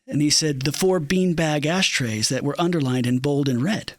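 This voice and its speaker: A man's voice: on the high side, normal speed. A man in an interview, telling backstage stories and acting out the lines of the people in them, with plenty of ums and uhs. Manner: animated storyteller, acts out quotes, many fillers. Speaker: entertainment director. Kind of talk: storytelling in an interview.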